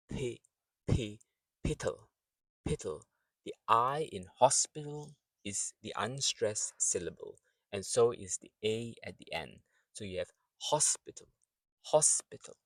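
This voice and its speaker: A man teaching English pronunciation, saying example words slowly and repeating them with clear syllable stress. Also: medium pitch, dry recording.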